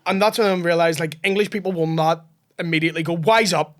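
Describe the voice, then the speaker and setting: A man with a Northern Irish accent, a comedian guest telling animated stories in casual podcast chat and swearing freely. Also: fairly high pitch, fast talker.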